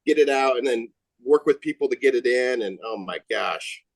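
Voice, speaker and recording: A man joining a casual chat over a video call, telling a loose, rambling story in a relaxed way. His voice is mid-pitched, and the sound is close and dry. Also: moderate pace, vocal fry, dry recording, rough recording. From United States. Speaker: guest.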